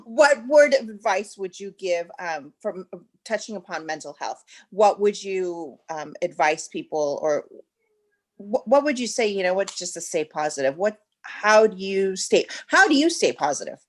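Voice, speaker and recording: A woman hosts a casual interview in a mid-range voice. She is chatty and warm-toned in her phrasing, and she trails into small hesitations when framing her questions. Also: mid-range voice, sing-song, moderate pace.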